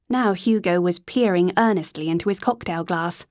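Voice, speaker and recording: A woman's voice: lowish voice, normal speed, few pauses, darkish tone, no room sound. Woman narrating an audiobook, dry close sound. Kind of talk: scripted narration.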